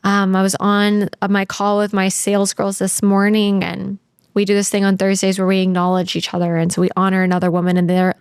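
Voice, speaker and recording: A woman's voice: medium pitch, completely flat delivery, brisk, clear, resonant tone, no room sound. A woman in her thirties, a podcast guest, talking candidly and earnestly about her life, close to tears, with many "like"s. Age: 30s. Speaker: podcast guest, sales trainer. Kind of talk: candid interview talk.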